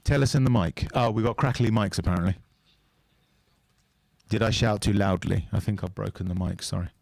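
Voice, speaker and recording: A man's voice: lowish voice, a little fast, creaky, darkish tone, dry recording. A man co-hosting a fan channel's live match watch-along, chatting and offering opinionated analysis into a close mic.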